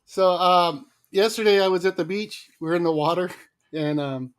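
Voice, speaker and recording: A man co-hosting a casual livestream, lively and quick to laugh as he greets viewers by name. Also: high-pitched. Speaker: livestream co-host.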